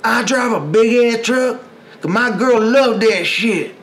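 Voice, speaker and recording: A man's voice: extremely high pitch, fairly bright tone, slight background noise, voice pushed up, exaggerated voice. A man voicing a selfish, defensive Republican guy who loves his big truck, with a put-on drawl. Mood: boastful. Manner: drawling, slow, exaggerated.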